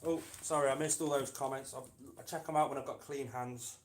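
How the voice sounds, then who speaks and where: A man's voice: mid-range voice, fairly even intonation, a little fast. A man with a mid-range voice chats casually through a live stream, talking affectionately to his lizard as he sets up its tank. The room rings back with a noticeable echo. A faint hiss of noise sits under his voice, which sometimes drifts further from the camera. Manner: chatty, talks fondly to his lizard as "mate". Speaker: reptile keeper and channel host. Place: indoors by a reptile enclosure.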